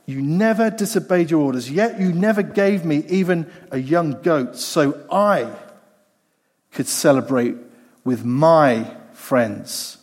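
A man's voice: on the high side, takes it slowly, darkish tone. A man preaching a sermon in a conversational way, repeating phrases for emphasis. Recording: long hall reverb.

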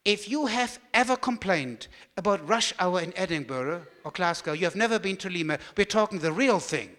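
German man, high voice, animated storyteller at a talk, large echoing hall. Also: moderate pace. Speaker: speaker giving a talk.

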